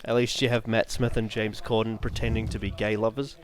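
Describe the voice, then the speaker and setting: A man's voice: on the low side, little pitch movement, fairly quick. A man co-hosting a casual review chat, earnest and opinionated, often restarting his sentences. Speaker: co-host of a review show.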